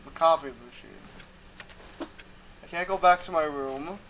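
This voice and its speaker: A man's voice: fairly high pitch, a little slow, fairly bright tone, a little hiss or hum. A man streaming a game, commenting casually in a sarcastic, playfully exasperated way.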